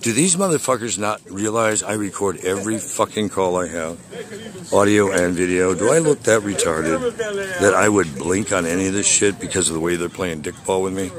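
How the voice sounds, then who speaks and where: A man's voice: deep voice, normal speed, crowd noise. Furious, foul-mouthed man ranting on a call. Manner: agitated, profane, boastful. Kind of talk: profane angry rant on a call.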